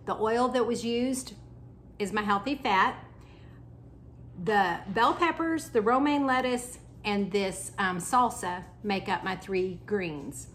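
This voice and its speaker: A woman's voice: mid-range voice, slow, fairly bright tone, a little hiss or hum. A woman, a health coach chatting casually through a cooking vlog at home, talking while she eats. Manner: chatty, talks while eating.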